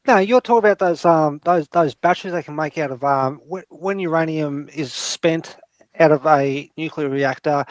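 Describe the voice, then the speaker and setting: A man with a fairly high voice rambles through a casual late-night stream chat. He swears freely and restarts his sentences. His voice sits close and dry, with no room around it. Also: normal speed, dry recording. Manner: rambling, crude, trailing restarts. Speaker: panel host.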